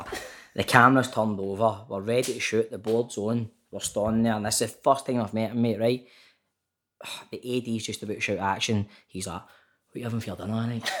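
A Scottish man with a fairly low voice chats loosely on a call, peppering his stories with "mate" and the odd swear word. He is an actor talking about his work in a relaxed, unguarded way. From Scotland. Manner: chatty storyteller, keeps saying mate, swears freely. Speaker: actor guest. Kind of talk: casual chat. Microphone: remote call.

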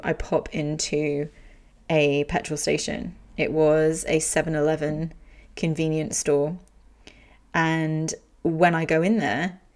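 A woman's voice: low-pitched, a little mellow. A young adult woman candidly telling an emotional personal story, speaking frankly and swearing freely.

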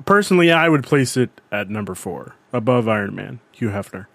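Excitable young man on a podcast. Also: on the low side, a little fast, creaky, no room sound. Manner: excitable, swears, defends his picks. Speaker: podcast co-host. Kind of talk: casual chat. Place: lives in New York.

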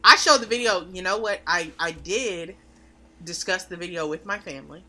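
A woman co-hosting a podcast in casual chat, emphatic and animated. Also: on the low side, slight background noise. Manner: animated, emphatic, drawn-out pauses. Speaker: podcast co-host.

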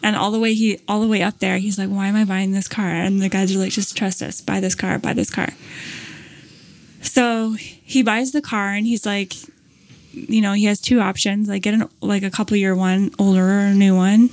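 A woman's voice: mid-range voice, normal speed. A woman in casual conversation, telling a long anecdote, acting out what people said, with plenty of fillers. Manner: animated storyteller, acts out quotes, many fillers. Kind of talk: casual storytelling chat.

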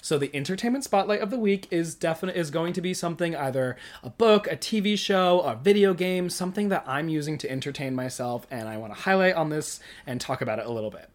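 A young adult in their early twenties hosts a solo podcast in a loose, casual way. The talk drifts and rambles, full of self-aware asides and frequent giggling, in a middle-pitched voice. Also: expressive, quick pace, few pauses. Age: early 20s. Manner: rambling, giggly, laughs often; self-conscious, chatty, talks to self. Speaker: podcast host.

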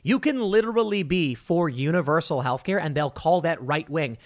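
A male commentator with a fairly high-pitched voice, talking straight to his audience in a blunt, sarcastic monologue. He sounds scornful and unfiltered, firing off opinions without hedging. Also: animated, moderate pace. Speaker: political commentator.

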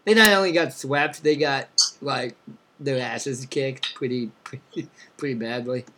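A young man co-hosting a casual podcast, upbeat as he reads out listener cities and gives shout-outs. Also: mid-range voice, a little slow. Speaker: podcast co-host. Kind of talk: casual chat.

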